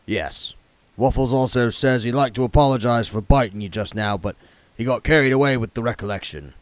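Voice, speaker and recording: A man voicing a gruff, streetwise talking dog who speaks low, quiet and mumbling. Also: brisk, no echo, close to an everyday voice. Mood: gruff muttering.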